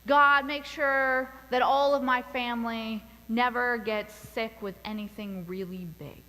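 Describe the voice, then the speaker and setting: A woman pastor preaching a sermon in a church, telling a story in a deliberate, measured way. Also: fairly high pitch, fairly even intonation, pushed and bright, in a large hall, rough recording. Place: church sanctuary.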